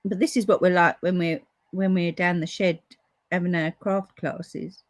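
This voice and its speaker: Slow-talking woman demonstrating crafts. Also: on the low side, steady tone, no room sound. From United Kingdom. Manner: chatty, talks to viewers while colouring. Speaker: papercraft demonstrator. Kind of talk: casual live craft demonstration.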